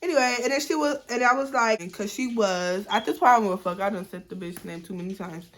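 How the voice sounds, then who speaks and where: A woman's voice: mid-range voice, fast talker, reverberant. A woman telling a storytime on her vlog, bluntly and profanely retelling a text-message argument in a heated voice.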